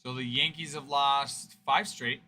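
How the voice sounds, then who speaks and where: A man's voice: mid-range voice, fairly even intonation, unhurried, sharp tone. A man hosting a card-breaking livestream, chatting and teasing viewers in a casual, joking way. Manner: chatty, teasing banter, fond of the word 'frickin''.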